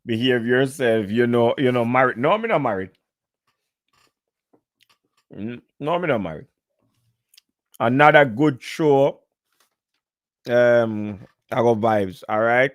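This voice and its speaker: A man's voice: mid-range voice, takes it slowly, long pauses, no echo, clean studio sound. Laid-back Jamaican man in casual chat. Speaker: podcast guest. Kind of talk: casual live-stream chat.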